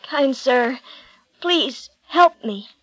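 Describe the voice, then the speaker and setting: A woman voicing a wounded male traveler who begs for help, slow and pleading. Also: high voice, bright, forceful tone, no echo, poor audio.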